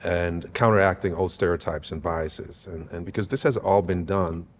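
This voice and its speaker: Podcast guest: very deep-voiced man, earnest, emphatic, faint hiss underneath. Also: steady tone, moderate pace. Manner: earnest, emphatic, often adds "right?". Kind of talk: conversational interview.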